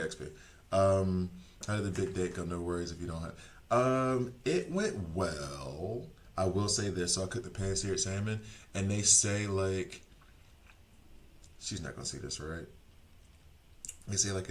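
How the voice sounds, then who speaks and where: Rambling deep-voiced man streamer. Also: slight background noise. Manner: rambling, self-deprecating, frequent fillers and restarts. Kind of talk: casual chat with stream viewers.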